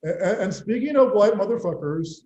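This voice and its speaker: Halting man interviewer, echoey dull audio. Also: high voice, lively intonation, a little mellow. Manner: halting, stuttered restarts. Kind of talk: interview questions.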